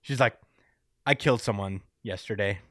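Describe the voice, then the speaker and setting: A man's voice: fairly low pitch, a bit bright, no echo, clean studio sound. Man recapping a story in voices. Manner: acts out characters' lines in quick put-on voices, laughs often. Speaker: podcast co-host recapping a manga chapter. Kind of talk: casual chat.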